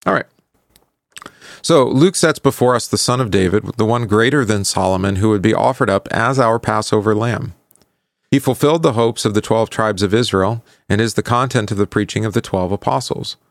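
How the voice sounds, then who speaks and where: A man leads a Bible study lesson with a low, gravelly voice. He talks in a conversational, questioning way, tagging his points with "right?" and stumbling over fillers as he recalls verses. The sound is dry and close, with no room around it. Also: dry recording. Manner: halting, with many fillers while recalling verses. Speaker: pastor teaching a Bible class.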